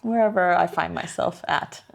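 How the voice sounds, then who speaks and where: A woman's voice: lowish voice, normal speed, vocal fry. Joking young woman podcast co-host. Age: young adult. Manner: playful, joking, rambling asides. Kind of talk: casual chat.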